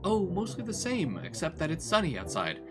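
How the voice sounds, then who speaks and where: Fussy chatty lady cat for a visual novel, lively pitch, music playing as a guy plays her. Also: fairly quick. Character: prim talkative female cat who loves crunchy bits. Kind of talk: voice-acting a visual novel on stream.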